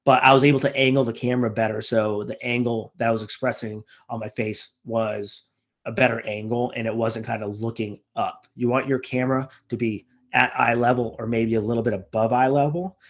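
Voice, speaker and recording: A man, a physician, giving casual spoken advice from a list, talking in a relaxed, conversational way with frequent ums and uhs. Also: mid-range voice, brisk, highs cut off.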